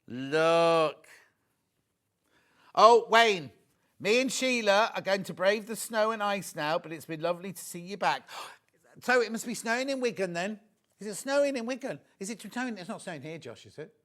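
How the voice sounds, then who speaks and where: High-voiced chatty male shopping presenter. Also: normal speed. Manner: chatty, excitable, chats to viewers and crew; lively and gushing over the products. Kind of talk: live TV shopping demo.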